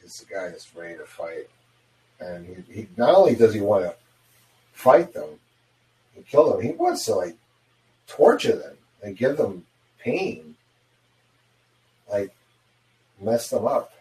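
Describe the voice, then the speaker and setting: A man's voice: lowish voice, big pitch swings, measured pace, long pauses, a little mellow, reverberant, rough recording. A man co-hosting a movie watch-along commentary, chatting casually and dropping frequent yeahs and mm-hmms. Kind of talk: casual chat.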